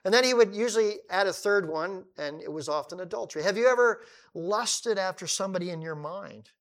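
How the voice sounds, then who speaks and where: A man preaching a sermon, animated, retelling a story and acting out the people in it. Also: high-pitched, a little fast. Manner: animated, acting out quoted dialogue.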